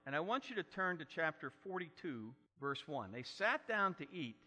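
A man preaches an expository sermon and reads the story with dramatic flair. His voice sits a bit high, sounds bright and forceful, and swings widely in pitch. A long reverb from the room trails behind him. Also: big pitch swings, normal speed.

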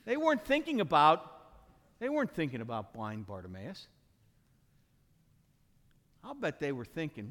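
A man preaching an animated sermon, dramatically acting out the characters in his story with sudden shouts and hushed asides. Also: high voice, a little slow, pauses often, big-room sound. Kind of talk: animated sermon with acted-out voices.

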